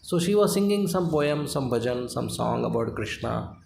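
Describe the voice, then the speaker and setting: Animated Indian man telling a devotional story. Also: mid-range voice, normal speed, gravelly, a little hiss or hum. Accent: Indian English. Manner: animated storyteller, acts out the child's complaints. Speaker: spiritual lecturer. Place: temple hall. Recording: roomy hall with faint ambience.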